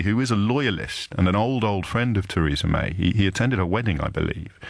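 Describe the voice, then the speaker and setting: A man hosting a live radio talk show, speaking emphatically and sardonically with deliberate pauses, with a trace of a Kidderminster accent. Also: low-pitched, a bit bright, no room sound. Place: radio studio. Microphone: studio microphone.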